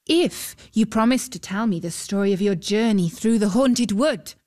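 A woman voicing a mysterious young water-spirit maiden in a storybook reading, gentle and formal. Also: medium pitch, moderate pace, natural voice. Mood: bargaining.

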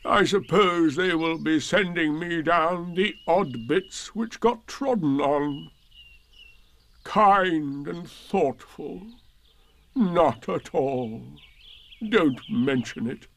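Guy doing a mopey old storybook donkey, slow sarcastic drawl. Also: a little high, fairly bright tone, voice pushed up, full character voice. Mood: gloomy. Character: gloomy old male donkey, self-pitying. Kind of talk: storybook reading.

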